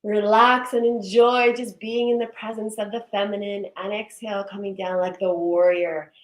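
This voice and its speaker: A woman leading a guided breathing and movement session, giving slow, soothing cues and affirmations. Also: mid-range voice, level tone. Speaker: breathwork and wellness instructor. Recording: echoey room.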